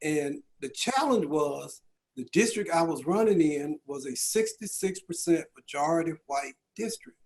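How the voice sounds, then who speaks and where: The recording has a little hiss or hum, and the speaker is animated, measured in pace, and slightly high in pitch. He is a middle-aged county chief executive from Georgia, US, telling stories at a business round table with rhetorical questions and folksy asides.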